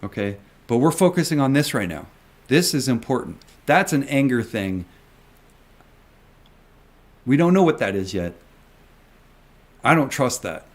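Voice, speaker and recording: In a ranting commentary video for his viewers, a man who invests in stocks talks with a medium-pitched, sing-song voice. He takes his time, pausing often, while emphatically repeating points and cursing frequently.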